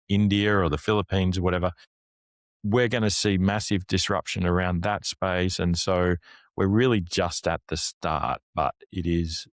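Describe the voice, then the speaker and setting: A man's voice: low-pitched, dry recording, studio quality. A man who is a guest on a business chat, laying out his points analytically in long lists that build up.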